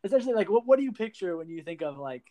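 A man's voice: sits high, very animated, rapid-fire, mellow. A man co-hosting a podcast in casual chat, ironic and joking, laughing often. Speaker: podcast co-host.

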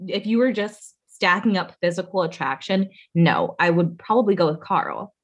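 A woman's voice: on the low side, normal speed. A young woman co-hosting a podcast, chatting frankly and wryly about a reality show. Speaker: podcast co-host.

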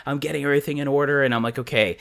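A man's voice: medium pitch, fairly even intonation, very fast, gravelly, fairly bright tone. A man co-hosting a podcast, telling a story in a casual, profane way and acting out his own reactions. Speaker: podcast co-host.

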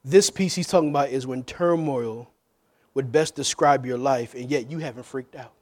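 A male pastor preaching a sermon, calling out to the congregation and swinging from hushed, low asides to loud, shouted passages. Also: moderate pace.

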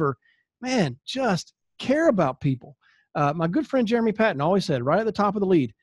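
A middle-aged man hosting a talk for insurance agents, telling stories with lively acted-out dialogue and frequent laughs. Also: sits high, brisk, breathy edge, no echo. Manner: lively storyteller, acts out dialogue, laughs often. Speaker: host and insurance agency leader. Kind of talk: casual storytelling talk to agents.

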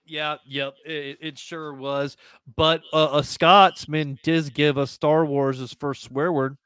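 A man's voice: on the high side, little pitch movement, slow pace, a bit bright, smooth, no echo, studio quality. A man co-hosting a podcast, chatty and jokey in casual talk. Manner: chatty, hesitant with restarts, jokey. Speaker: podcast co-host. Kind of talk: casual chat.

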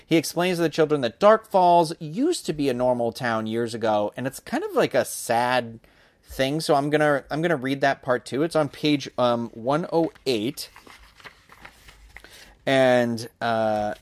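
A man's voice: medium pitch, expressive, a little slow, dry recording, clean studio sound. A man hosting a podcast, reading a book aloud and chatting about it in a casual way, with many fillers and mumbled asides. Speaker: podcast host.

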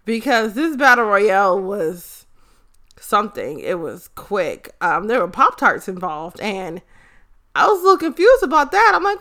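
A woman's voice: mid-range voice, pushed and bright. A young adult woman casually recapping an episode, blunt and profane, rambling with restarts. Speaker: show recapper.

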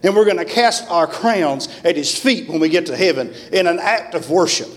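A man's voice: a little high, moderate pace. A man preaching a revival sermon in a church, fervent and emphatic. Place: church sanctuary. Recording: long church-hall reverb.

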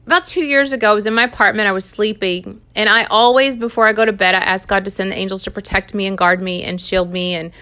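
A woman's voice: mid-range voice, fairly even intonation, fast talker, hardly any pauses, sharp tone, clean tone. A woman sharing an earnest Christian testimony in a conversational way, laughing now and then. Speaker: Christian speaker giving testimony.

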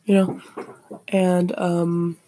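A woman's voice: fairly low pitch, monotone, drawn-out words, mellow, a little hiss or hum. A woman hosting a podcast alone, talking casually and rambling, often repeating and restarting her phrases. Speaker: podcast host. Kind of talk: casual solo commentary.

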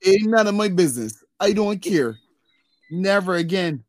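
A young man, co-hosting a podcast and telling stories in casual chat. His voice shoots up high when he acts out what people said. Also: normal speed, dry recording, poor audio. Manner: animated storyteller, voice jumps high when acting out quotes. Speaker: podcast co-host.

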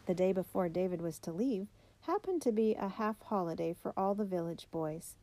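A woman reading a children's biography aloud in a measured, steady way. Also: fairly low pitch. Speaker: narrator.

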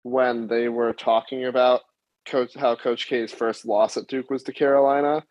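A man co-hosting a casual sports chat, quick and joking. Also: mid-range voice, level tone, a little mellow, lo-fi sound.

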